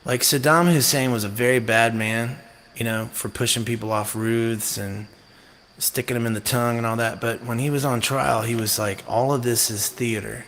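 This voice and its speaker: A man's voice: medium pitch, steady tone, moderate pace, fairly bright tone, a little hiss or hum. A man hosting a music live stream, rambling and joking irreverently between songs, with some mild swearing. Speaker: singer-songwriter and live-stream host.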